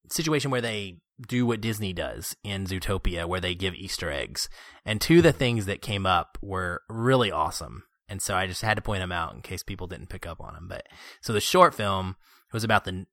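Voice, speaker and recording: A man in his thirties hosting a podcast, chatting casually and excitedly about a film with fillers. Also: sits low, no echo, studio quality. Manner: animated, excitable storytelling with filler words. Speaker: podcast host. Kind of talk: casual movie review chat.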